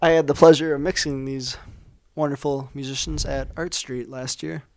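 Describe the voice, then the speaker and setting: A man's voice: mid-range voice, steady tone, normal speed, darkish tone. Laid-back man introducing songs. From American Midwest. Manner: laid-back, brief replies. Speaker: podcast host and sound mixer. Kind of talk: casual radio chat.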